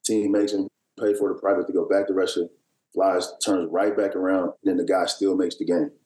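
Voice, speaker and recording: A man's voice: sits low, level tone, fairly quick, darkish tone, roomy sound, low-quality recording. A man in his thirties, a basketball player telling a long, meandering story with lots of fillers and restarts, as a guest on an interview show. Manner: rambling, filler-heavy storytelling with many restarts. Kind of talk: casual storytelling.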